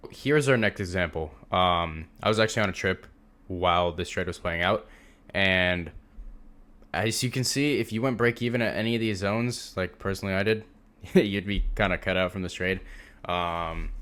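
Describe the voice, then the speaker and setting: At normal speed, a young man whose voice sits low with a fairly bright tone leads a trading lesson on a shared screen. He's casual, emphatic, and repeats words for stress.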